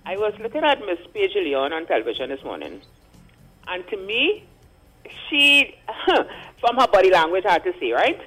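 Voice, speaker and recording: A man's voice: high voice, very animated, moderate pace, bright, forceful tone, faint music behind, low-quality recording. A man calling in to a radio show to give his opinions, hesitant and searching for words as he goes. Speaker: caller. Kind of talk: call-in radio commentary.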